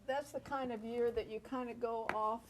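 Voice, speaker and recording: An older woman with a fairly high voice hosts a TV cooking segment from a studio kitchen. She chats in a folksy, lightly joking way. There is a faint hiss behind her. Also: fairly even intonation, moderate pace. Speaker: host. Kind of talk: casual cooking-segment chat.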